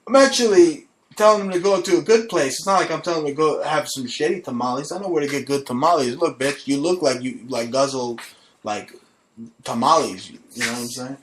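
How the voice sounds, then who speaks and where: A man's voice: a little high, brisk, slight background noise. A man hosting his own talk show, chatting casually in a brash, crude and mocking way. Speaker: radio show host. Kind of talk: casual crude comedy chat.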